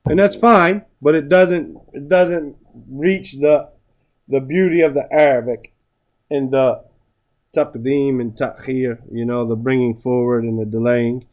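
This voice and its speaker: A man's voice: medium pitch, steady tone, measured pace, darkish tone. A man teaching a class on Arabic grammar, reciting Arabic phrases and translating them, often checking in with "right?". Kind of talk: classroom lesson.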